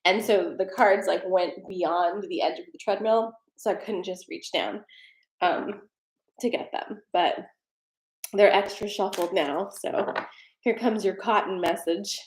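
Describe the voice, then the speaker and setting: A woman's voice: medium pitch, fairly even intonation, a little slow. Woman, tarot reader, casual live stream, rambling chatty talk, echoey room. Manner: chatty and rambling, with frequent fillers and laughs. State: slightly out of breath. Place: home desk with a treadmill.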